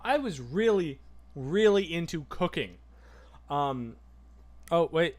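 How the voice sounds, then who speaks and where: A man hosting a casual livestream, chatting and answering viewer comments in an excitable, rambling way. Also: on the high side, slow. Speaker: livestream host.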